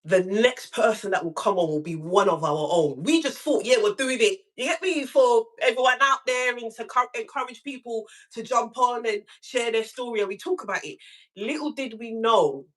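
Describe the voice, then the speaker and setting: A woman hosting a casual live call-in stream from home, telling a story in an animated way and acting out what people said. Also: normal speed. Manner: animated storytelling, acts out quotes with big pitch jumps.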